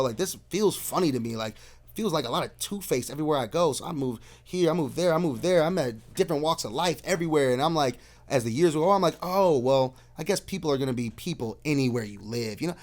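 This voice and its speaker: A man from Arizona, a podcast guest telling stories in casual chat, acting out what people said and calling everyone "bro". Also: a little high. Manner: animated storyteller, acts out quotes, says "bro" constantly.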